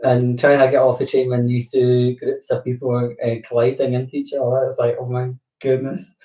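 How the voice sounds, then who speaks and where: A man's voice: mid-range voice, completely flat delivery, fairly quick, mellow, far from the mic. A young Glaswegian man chatting casually to his viewers, rambling and swearing with frequent laughs. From Glasgow, Scotland. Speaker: vlogger. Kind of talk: casual chat. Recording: roomy, from the mic.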